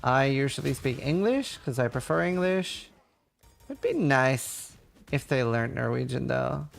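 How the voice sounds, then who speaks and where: A man's voice: medium pitch, big pitch swings, unhurried, vocal fry. A man from Norway in his thirties, chatting casually with viewers while gaming, reading their questions aloud and swearing now and then. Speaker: livestreamer.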